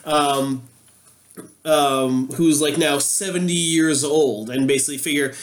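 A man's voice: on the high side, fairly even intonation, measured pace, roomy sound, slight background noise. A man co-hosting a casual podcast chat, rambling with lots of "like" and "literally". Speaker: podcast co-host.

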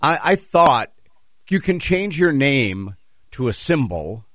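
A man's voice: mid-range voice, big pitch swings, slow pace, fairly bright tone, no room sound. A man co-hosting a radio show, rambling in a folksy, self-deprecating way. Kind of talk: casual studio banter.

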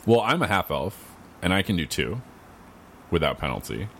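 A man's voice: sits low, big pitch swings, normal speed, creaky, a bit bright, a little hiss or hum. A man co-hosting a casual gaming podcast, talking loosely and rambling, with frequent swearing. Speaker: podcast co-host.

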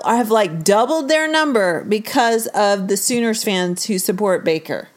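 A woman co-hosting a casual sports chat, launching into an animated, exasperated rant. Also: a little high, moderate pace, hardly any pauses. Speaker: podcast co-host.

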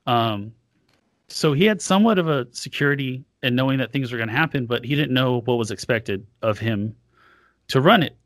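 A man's voice: mid-range voice, animated, normal speed, a bit bright, dry recording, clean studio sound. A man co-hosting a casual podcast, rambling frankly and swearing now and then. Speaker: podcast co-host. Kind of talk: casual chat.

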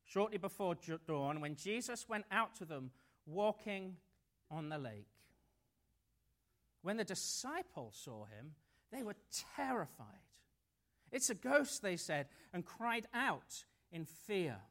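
This is a preacher in the middle of a sermon. The telling is lively and story-driven, with light jokes worked in between the serious points, and the voice sits at a middling pitch. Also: slow.

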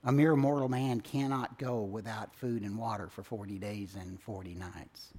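A man preaching a sermon, swinging from loud emphatic lines to hushed, low phrase endings. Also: fairly even intonation, moderate pace, husky. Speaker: pastor.

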